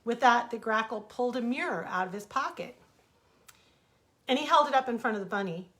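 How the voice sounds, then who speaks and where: A woman author reading her own fables aloud as bedtime stories, gentle and expressive, into a webcam. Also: fairly high pitch, fairly quick.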